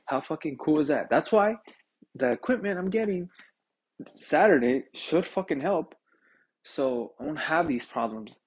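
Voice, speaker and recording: Husky, congested young man ranting. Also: fairly high pitch, a little slow. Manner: profane, animated, says "dude" constantly. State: sick and congested, short of breath. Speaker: podcast host. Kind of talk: casual ranting monologue.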